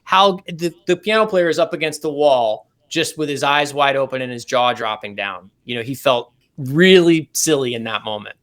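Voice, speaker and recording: A man, a guest saxophonist in an interview, telling animated anecdotes and explaining technical ideas step by step in a relaxed way. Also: medium pitch, normal speed, few pauses.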